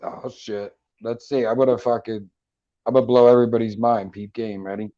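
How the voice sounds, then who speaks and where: A man's voice: mid-range voice, fairly even intonation, fairly quick, dark tone, dry recording, lo-fi sound. A man with a Philadelphia accent hosting a casual, profane, joking chat show from home. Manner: jokey, profane, slips into mock accents. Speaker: podcast host. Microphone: computer mic.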